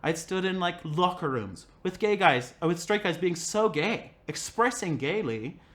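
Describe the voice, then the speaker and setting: A young man casually telling a personal story as a podcast guest, animated and acting out the people he quotes. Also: high voice, normal speed. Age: young adult. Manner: animated, acts out quoted voices, many "like" fillers.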